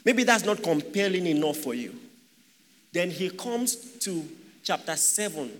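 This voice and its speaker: A man delivers a sermon in a high, bright voice that rings out with force. He keeps pressing his listeners with rhetorical questions and teasing asides. His words echo through a large hall with a long reverb. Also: animated, measured pace. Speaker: preacher.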